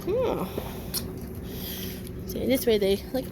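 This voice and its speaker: High sing-song woman cooing at puppies. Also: sing-song, normal speed, a little mellow. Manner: sing-song baby talk with squeaky high swoops. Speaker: dog breeder. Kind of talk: casual vlog talk to puppies. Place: backyard outdoors. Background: faint outdoor noise with distant fireworks.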